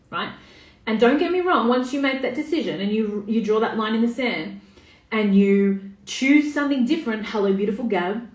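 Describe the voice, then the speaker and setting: A woman's voice: mid-range voice, a little mellow. A woman, talking casually on a live stream as a coach, swearing freely and greeting viewers by name. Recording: echoey room, voice a bit far off.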